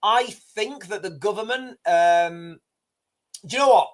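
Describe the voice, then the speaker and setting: Speaking in a high-pitched voice at a slightly slow pace, a man hosts a livestream and comments directly to the people watching, wandering and repeatedly restarting as he goes.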